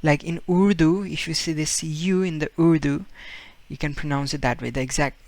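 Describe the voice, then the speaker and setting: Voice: mid-range voice, steady tone, normal speed, a little mellow. A patient language teacher talking through a casual video lesson, repeating each example word over and over to model the sound. The delivery is loose and unscripted, and the voice sits in a middle register. The recording is close and dry, with no room echo. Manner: patient, repeats words many times to demonstrate sounds; loose, with frequent fillers and restarts.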